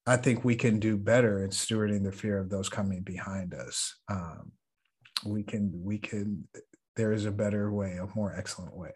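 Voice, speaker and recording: A man's voice: on the low side, normal speed, a little mellow, slightly rough. A man co-hosting a podcast, telling a story in an earnest, reflective way and laughing often. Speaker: podcast co-host. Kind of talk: casual storytelling chat.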